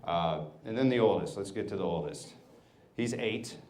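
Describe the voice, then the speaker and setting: A man's voice: lowish voice, expressive, a little mellow, echoey room, slight background noise. Thirty-something man doing stand-up. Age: 30s. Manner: storytelling, acts out family members in quick bits. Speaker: stand-up comedian. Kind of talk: stand-up set. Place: comedy club stage. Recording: live club audience laughter. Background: laughing audience.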